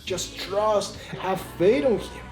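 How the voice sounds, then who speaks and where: A man's voice: high voice, slow pace, roomy sound, music in the background. A man casually retelling a Bible passage and giving a short devotional, speaking informally and using "like" often, with non-native phrasing.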